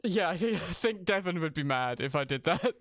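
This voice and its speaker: A man's voice: fairly high pitch, animated, brisk, fairly bright tone. A man streaming a video game, chatting casually and rambling as he thinks aloud, often restarting his sentences. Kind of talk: casual live-stream chat while gaming.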